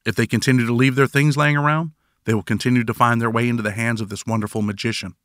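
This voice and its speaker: A man's voice: mid-range voice, fairly even intonation, fast, a bit bright, dry recording. A man narrating his own prison memoir in first person, with dry, wry storytelling.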